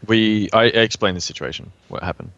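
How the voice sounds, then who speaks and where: A man's voice: lowish voice, fairly quick, fairly bright tone, no echo, lo-fi sound. A man playing a tabletop game, joking and laughing often. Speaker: player. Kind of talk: casual tabletop game play.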